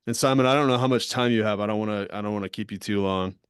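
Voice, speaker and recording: A man's voice: fairly low pitch, rapid-fire, clean tone, no room sound, studio quality. A man hosting a casual group discussion on a video call, asking loose, rambling questions. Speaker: host.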